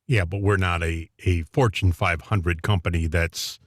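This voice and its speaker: A man co-hosting a casual radio talk show, opinionated and quick to chuckle. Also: sits low, fairly even intonation, dry recording, clean studio sound.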